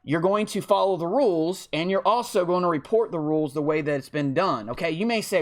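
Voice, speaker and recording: Blunt, profane man with a higher voice. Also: a little fast, few pauses. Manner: repeats "okay?" to drive points home. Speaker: online football video game league commissioner. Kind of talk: casual unscripted monologue.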